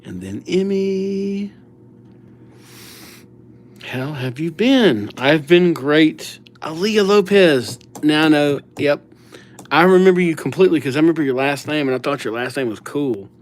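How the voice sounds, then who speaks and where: A man's voice: a little high, moderate pace. A young man chatting casually with viewers during a live calligraphy stream, reading names aloud and joking at his own mistakes. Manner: chatty, self-mocking, reads viewer names aloud, acts out little scenes. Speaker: livestream calligrapher. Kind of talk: casual livestream chat with viewers.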